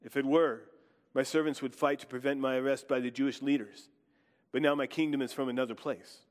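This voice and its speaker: A man reading scripture aloud and voicing a calm man on trial in an even, steady tone. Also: mid-range voice, a little fast, big-room sound, close to an everyday voice.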